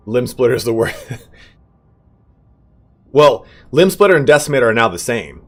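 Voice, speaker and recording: A man's voice: mid-range voice, lively intonation, moderate pace, pauses often, soft background music. A man in his thirties chatting casually while streaming a game, rambling and laughing often, swearing offhandedly. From California. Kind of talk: casual chat while gaming.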